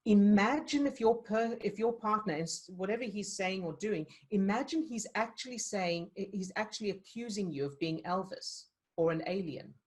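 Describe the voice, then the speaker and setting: A woman's voice: medium pitch, normal speed, few pauses, a little mellow. A woman coaching a live online session, talking earnestly and encouragingly, with frequent restarts. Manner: earnest, encouraging, many restarts and "you know". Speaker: emotional fitness coach. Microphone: video call.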